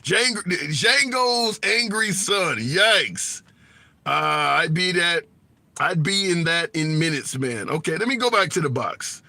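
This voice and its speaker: A man's voice: on the high side, expressive, slow pace, gravelly, sharp tone, no room sound. A man hosting a casual livestream, blunt and colloquial, reading and answering comments. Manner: blunt, colloquial, laughs at his own jokes. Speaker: livestream host taking callers. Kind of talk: casual opinionated livestream chat.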